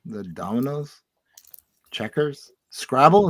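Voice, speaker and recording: A man's voice: mid-range voice, animated, normal speed, no room sound. Man hosting with a dry, close sound. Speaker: podcast host. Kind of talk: casual chat.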